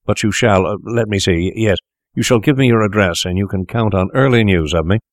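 A man's voice: on the low side, no echo, clean studio sound, close to an everyday voice. A man voicing a stammering, flustered old doctor. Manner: hurried, stammering, fawning. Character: sharp-tongued elderly male doctor, startled, flustered. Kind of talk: audiobook reading.

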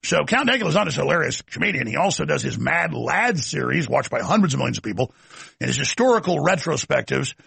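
Ranting male talk host, raspy and dry, close to the mic. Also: a little high, big pitch swings, fast, fairly bright tone, dry recording. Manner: ranting, sarcastic. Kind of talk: opinionated monologue.

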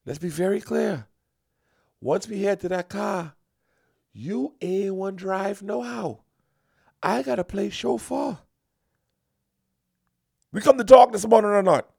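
A man's voice: sits high, slow pace, vocal fry, pauses often, darkish tone, breathy edge, no echo, studio quality. A man giving a comic, preachy lecture with emphatic repetitions, like a mock sermon.

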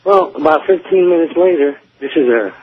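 Husky-voiced man on a tinny phone line. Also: a little high, lively intonation, moderate pace, no echo. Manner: rambling, lots of "you know" asides. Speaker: caller. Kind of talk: casual storytelling on a call-in show.

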